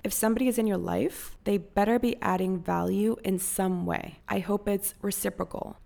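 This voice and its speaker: A young woman from Costa Rica hosts a motivational podcast in a casual, direct way. Her voice carries a strong gravelly fry, and she swears freely while cheering her listeners on. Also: medium pitch, a little mellow. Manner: frank and profane, pep-talk tone. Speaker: podcast host.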